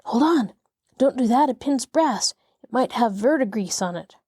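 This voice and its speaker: A woman voicing a scrappy, easily frightened boy who talks in excited, breathless whispers with a rustic drawl. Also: on the high side, moderate pace, breathy edge, dry recording, studio quality, voice pushed up. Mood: warning.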